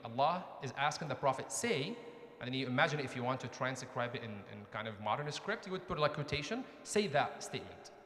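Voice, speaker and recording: A man's voice: on the high side, a bit bright. A man giving a conversational mosque lecture, often asking the audience questions. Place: mosque hall. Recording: echoey hall with long reverb.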